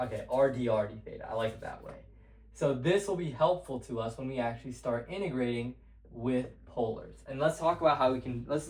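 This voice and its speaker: A young man explains math at a whiteboard in a casual, meandering way, stopping and restarting his sentences. His voice sits at a middling pitch. The room around him rings with noticeable echo. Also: a little mellow. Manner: loose and rambling, with many fillers and restarts. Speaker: math tutor. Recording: echoey room.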